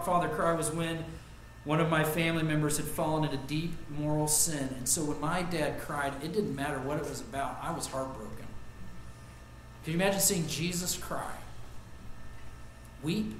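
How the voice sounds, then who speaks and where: Earnest preacher in an echoey church. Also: male voice, a little high, normal speed, slight background noise. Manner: earnest preaching, rising loud on lists and quotes, dropping soft on personal stories. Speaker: pastor. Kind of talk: sermon.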